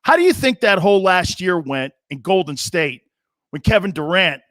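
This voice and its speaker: A man's voice: high-pitched, big pitch swings, normal speed, a bit bright, dry recording, studio quality. A middle-aged man hosting a sports talk show, ranting with sarcasm and mocking asides. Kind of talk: opinionated sports commentary.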